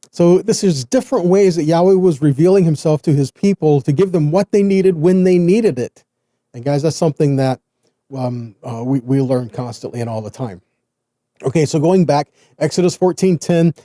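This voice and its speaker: A man with a Southern US accent teaches from the Bible in an earnest, conversational way. His voice is fairly high for a man but very dark and mellow in tone, recorded close and dry. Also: no room sound. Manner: earnest, addresses listeners as guys.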